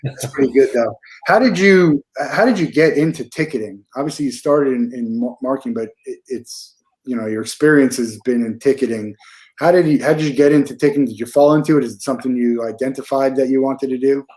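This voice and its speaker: A man hosting a casual interview over a video call, chatting in a relaxed way and repeating his questions. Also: mid-range voice, fairly quick. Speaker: host.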